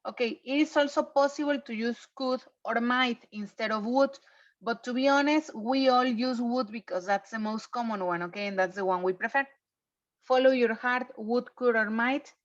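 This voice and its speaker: A woman teaching English over a video call, her plain as she walks students through grammar. Her voice sits a little high, and she keeps checking in with a patient "okay?". The sound is dull and lo-fi, like a muffled online class. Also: normal speed. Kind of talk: online class review lesson.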